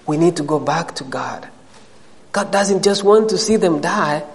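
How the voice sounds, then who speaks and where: A man's voice: on the high side, animated, measured pace, long reverb tail, low-quality recording. A man preaching a sermon to a congregation, addressing them directly and rising into emphatic questions.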